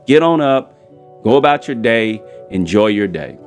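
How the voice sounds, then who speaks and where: A man's voice: lowish voice, big pitch swings, unhurried, clean tone, soft background music. A man doing a merciful, easygoing king. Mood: generous. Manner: easygoing, upbeat. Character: merciful king forgiving a huge debt.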